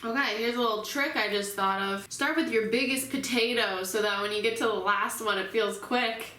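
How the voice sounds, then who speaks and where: A woman's voice: a little high, moderate pace, bright, forceful tone, reverberant, far from the mic, a little hiss or hum. A woman hosting her own cooking vlog, chatting casually and unsure of herself as she cooks in a home kitchen. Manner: chatty, unsure, self-deprecating while working. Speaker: cooking vlogger.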